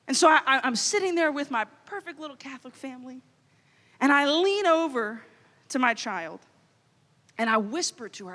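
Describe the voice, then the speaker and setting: A woman in her thirties from Louisiana, telling a funny story as a youth conference speaker, animated and playful. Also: high-pitched, moderate pace. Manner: animated, comic storytelling with quoted inner voices. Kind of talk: storytelling keynote talk. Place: large hall. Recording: long hall reverb.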